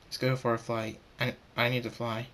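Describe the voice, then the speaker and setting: A man voicing a calm, protective male pony king who speaks quietly and steadily. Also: medium pitch, normal speed, natural voice.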